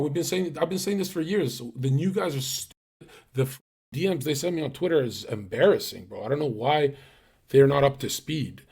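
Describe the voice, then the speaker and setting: A man's voice: a little high, moderate pace, vocal fry, a little mellow, husky. A man streaming live, ranting casually to his chat, blunt and profane, with lots of fillers and restarts.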